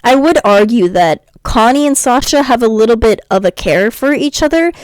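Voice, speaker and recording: A young woman ranting casually in a vlog, animated and chatty, swearing freely. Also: on the high side, moderate pace, no room sound. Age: young adult. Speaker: YouTuber.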